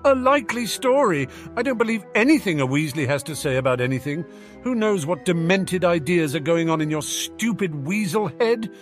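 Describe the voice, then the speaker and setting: A man voicing a haughty, petulant teenage schoolboy who sneers and shouts at a rival. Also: a little high, normal speed, few pauses, faint music behind, voice pushed up, natural voice. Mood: sneering.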